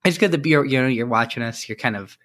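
A man's voice: mid-range voice, fast, fairly bright tone. A young man co-hosting a casual podcast, joking dryly with lots of fillers. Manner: dry, joking delivery with many fillers. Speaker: podcast co-host. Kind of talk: casual chat.

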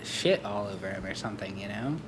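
A man's voice: on the low side, fairly quick, noisy background. A man co-hosting a comedy podcast, wry and drawling, reading listener questions aloud. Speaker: podcast co-host. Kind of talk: casual comedy chat.

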